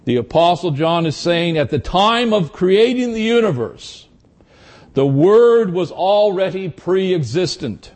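Slow, measured male Bible teacher. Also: high-pitched, animated, darkish tone. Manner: slow, measured, deliberate phrasing.

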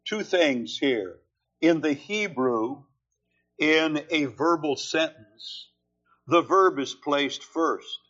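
Slow, emphatic male preacher. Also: on the high side, fairly bright tone, highs cut off. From California. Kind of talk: sermon.

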